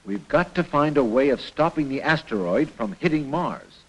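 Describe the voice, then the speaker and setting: An actor voicing a gruff, commanding male colonel who heads a space organization in a 1960s cartoon, giving brusque orders. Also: on the high side, animated, normal speed, a bit bright, low-quality recording.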